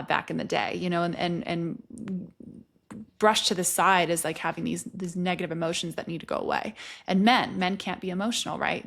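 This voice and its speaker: A woman's voice: fairly low pitch, creaky, fairly bright tone. Chatty woman podcast host, lots of ums. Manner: rambling, full of "um" and "you know". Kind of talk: casual interview chat.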